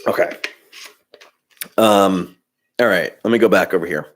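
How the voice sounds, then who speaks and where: A man's voice: low-pitched, a little slow. A man hosting a casual livestream, rambling and ranting about filmmaking with lots of restarts and reading chat comments aloud.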